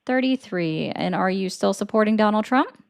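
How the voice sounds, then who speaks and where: A woman's voice: mid-range voice, lively intonation, moderate pace, gravelly. A woman hosting a political call-in livestream, sarcastic and pointed, pressing callers with repeated questions. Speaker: livestream host taking calls.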